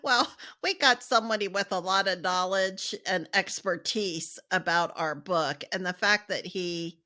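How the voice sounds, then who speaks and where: A woman's voice: fairly low pitch, a little slow. An American woman co-hosting a podcast, who speaks in an effusive, grateful way. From United States. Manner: effusive, warm thanks. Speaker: podcast co-host. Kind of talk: casual chat.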